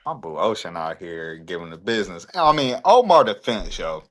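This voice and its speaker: Male co-host, animated pitch, relaxed joking banter in a casual chat. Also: normal speed. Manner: laid-back, joking banter.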